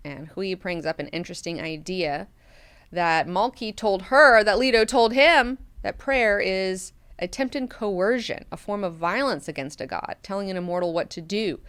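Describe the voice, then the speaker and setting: A woman hosting a book club, recapping chapters in a chatty, animated style full of filler words. Her voice is smooth and clear at a middle pitch. The sound is dry and close to the mic. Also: moderate pace, no room sound.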